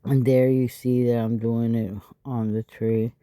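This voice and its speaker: Tired, raspy woman with a slow craft demo. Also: level tone, dark tone, no echo, clean studio sound. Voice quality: raspy and low. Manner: chatty, explaining step by step with frequent asides. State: tired and stuffy. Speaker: craft channel host. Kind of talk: casual craft tutorial.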